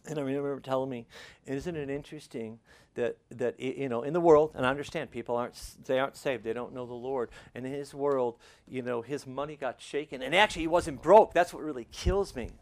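A man preaching to a congregation, shifting between quiet, intimate stretches and loud, fervent passages, closing in prayer. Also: medium pitch, fairly quick. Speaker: pastor. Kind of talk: sermon.

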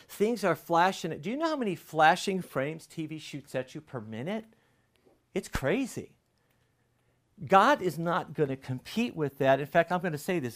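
A middle-aged man preaches in a conversational, testimonial way, his voice sitting a little higher than most men's. He jumps from loud, emphatic bursts to quiet, hushed asides as he makes his points. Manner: earnest, testimonial preaching with sudden swings between loud and hushed. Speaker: pastor. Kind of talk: conversational sermon.

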